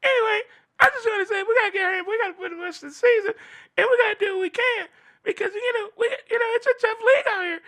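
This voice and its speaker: A man doing a mocking impression of a whiny, high-voiced male star quarterback who rambles fast and pleads. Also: pushed and bright, exaggerated voice.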